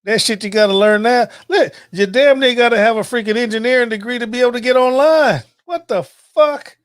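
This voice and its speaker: A man's voice: very high voice, fast, dry recording, studio quality. A middle-aged man, host of a cooking channel, ranting casually and profanely to camera. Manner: profane, animated, preachy.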